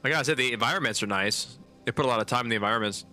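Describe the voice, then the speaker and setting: A man's voice: mid-range voice, rapid-fire, sharp tone, faint music behind. A man streaming a game live, chatting casually and reacting with surprise as he plays. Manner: chatty, easily surprised, talks to chat. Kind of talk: live gameplay commentary.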